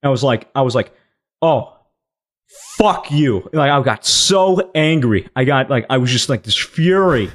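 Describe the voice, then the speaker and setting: A man's voice: mid-range voice, animated, moderate pace, fairly bright tone. A young man bluntly telling his side of a drunken night out, swearing and stumbling over restarts. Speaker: podcast co-host telling a story. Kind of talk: casual storytelling chat.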